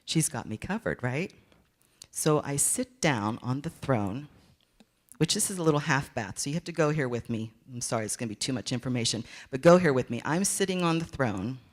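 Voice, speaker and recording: A woman's voice: rumbling low, expressive, moderate pace. A woman giving a candid, playful motivational talk, telling a story and acting out her own inner voice. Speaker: motivational speaker.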